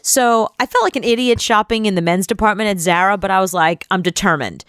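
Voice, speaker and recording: A young adult woman co-hosting a radio show, telling a rambling, animated anecdote in casual chat. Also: mid-range voice, fast, clean tone, dry recording, studio quality. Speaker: radio co-host.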